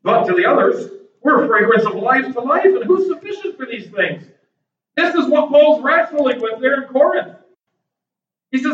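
A man preaching a sermon to his congregation, animated and acting out people's reactions. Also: very high voice, normal speed. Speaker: pastor. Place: church sanctuary. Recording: echoey, distant, dull church recording.

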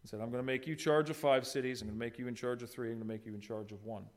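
Middle-aged male pastor, plain mid-pitched voice, conversational sermon delivery, asks the room lots of questions. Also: steady tone, racing. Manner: conversational preaching with rhetorical questions and brief retold dialogue.

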